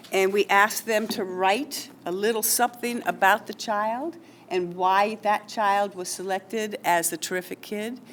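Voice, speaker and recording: Reading out teacher nominations at a school award ceremony, a mid-range-voiced woman keeps things chatty and informal, dropping in asides and filler words. The setting is a school hall or classroom, and the recording has a slight hiss or hum.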